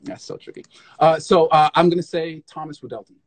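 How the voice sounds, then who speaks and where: A man as guest in a casual live interview, an animated storyteller who scats rhythms and restarts often, on a phone stream. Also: fairly high pitch, a little fast, dry recording. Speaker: guest tap dancer.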